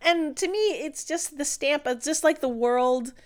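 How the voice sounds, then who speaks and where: A woman with a fairly high voice co-hosts a casual podcast. She talks in an opinionated, chatty way, full of "like" and "I mean". She sounds eager to argue her view. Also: measured pace. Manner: chatty and opinionated, with lots of fillers. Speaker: podcast co-host. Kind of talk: casual chat.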